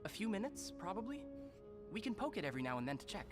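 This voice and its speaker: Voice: mid-range voice, sing-song, quick pace, over music, close to an everyday voice. An actor voicing a bookish, thoughtful young game companion who talks with hesitant musing. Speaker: game character Nocturne. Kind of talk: video game voice acting.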